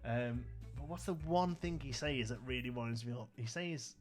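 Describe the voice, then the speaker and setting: A talkative man with a Brummie accent chats his way through a live game stream, laughing easily and replying to viewers. His voice sits at an ordinary middle pitch. Game music plays faintly behind him. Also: normal speed. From Birmingham, England. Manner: chatty, laughs often, answers viewer comments. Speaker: livestream host. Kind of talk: casual live gameplay chat.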